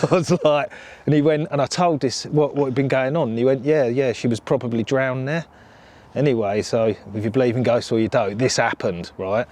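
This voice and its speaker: A man, a carp angler, telling a ghost story in a casual, lively way and acting out the voices of the people he quotes. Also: medium pitch, moderate pace, dry recording. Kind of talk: casual anecdote. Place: outdoors by a lake.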